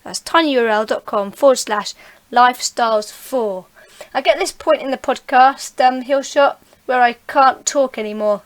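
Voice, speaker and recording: A woman's voice: high voice, unhurried. A woman hosting a casual gaming podcast, chatty and often laughing as she reads out event details. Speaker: podcast host.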